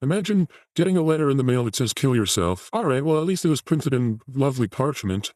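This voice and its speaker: A man's voice: mid-range voice, lively intonation, fast, darkish tone, no echo, studio quality. A man hosting a show, commenting on a video clip in a mocking, crude rant. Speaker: host reacting to a video clip.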